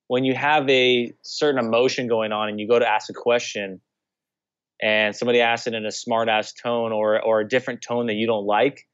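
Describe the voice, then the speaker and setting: A man's voice: mid-range voice, level tone, brisk, fairly bright tone, clear, resonant tone, dry recording, highs cut off. A young adult man, a guest on a talk show, telling a story in a casual, rambling way full of restarts and "you know". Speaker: guest, former pro baseball player. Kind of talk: casual conversational interview.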